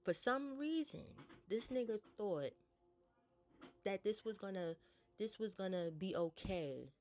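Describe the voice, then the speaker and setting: A young woman casually telling a storytime, blunt and profane, jumping up in pitch to act out what people said. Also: unhurried. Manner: animated retelling, blunt and profane, voices others higher.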